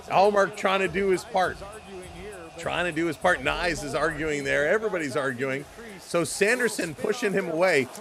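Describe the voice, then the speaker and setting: Man, high-pitched voice, casual live-stream play-by-play, chatty, greets viewers by name. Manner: rapid play-by-play calling of hockey action. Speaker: live-stream sports host.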